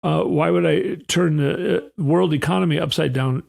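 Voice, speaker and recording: A man's voice: a little high, vocal fry, darkish tone. A man voicing a flustered male finance official who halts and repeats words over and over. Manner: halting, endlessly repeating words.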